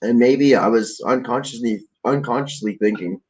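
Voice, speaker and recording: A man's voice: on the low side, lively intonation, moderate pace, muffled recording. A man from Canada hosting a podcast, telling a meandering story in a casual rambling monologue, often trailing off into fillers and restarts. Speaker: podcast host.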